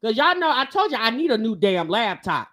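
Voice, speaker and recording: A woman hosting a casual livestream, talking excitedly to her viewers and calling them honey and baby. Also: on the high side, brisk. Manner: excitable, exclaiming and laughing with viewers. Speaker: livestream host.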